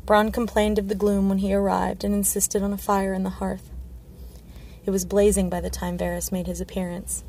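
A woman reading a fantasy novel aloud in a measured, low-key way. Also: completely flat delivery, gravelly, dark tone, slight background noise. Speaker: audiobook reader.

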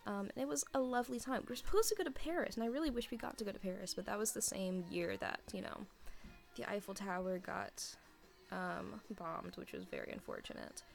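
A young woman answers listener questions in a loose, rambling chat. She giggles often and fills her pauses with "um" and "like". Her voice carries a gravelly vocal fry, and soft music plays faintly underneath. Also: medium pitch, very animated. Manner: rambling and giggly, heavy on fillers. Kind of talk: casual chat.

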